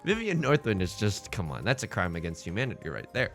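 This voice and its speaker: Lively, melodramatic male game streamer. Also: lowish voice, fast talker, soft background music. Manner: self-deprecating, melodramatic, stammering restarts. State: tired from little sleep. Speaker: let's play host. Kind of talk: casual gameplay commentary.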